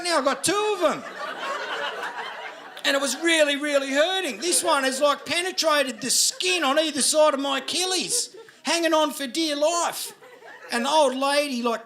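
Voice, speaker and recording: A man with an Australian accent doing a crude stand-up set, swearing and building into loud storytelling. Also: high voice. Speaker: stand-up comedian. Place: comedy venue with audience laughter.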